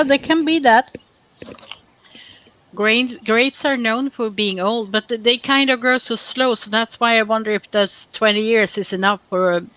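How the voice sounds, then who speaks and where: A woman's voice: mid-range voice, fairly bright tone, low-quality recording. A woman co-hosting a woodworking livestream in casual chat, teasing and talkative. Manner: chatty and teasing.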